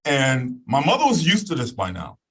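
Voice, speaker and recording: A man telling a personal story as a guest in an animated way. He acts out voices and sounds and keeps checking in with "okay?". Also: medium pitch, moderate pace, vocal fry, husky, poor audio.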